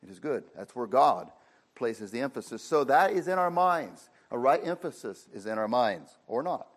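High-pitched male preacher, casual conversational sermon, audience in the room. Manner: plain conversational preaching, frequent "you know" fillers.

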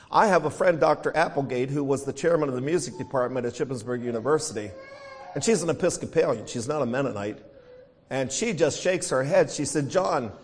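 American preacher with a slightly high voice. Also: male voice, slightly rough. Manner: singing hymn lines between teaching; reads scripture aloud. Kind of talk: sermon.

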